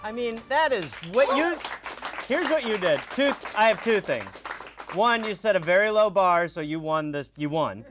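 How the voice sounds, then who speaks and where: A man's voice: sits high, expressive, normal speed, music in the background, a crowd in the background. A man hosting a comedy talk show, playful and laughing often between lines. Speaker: host.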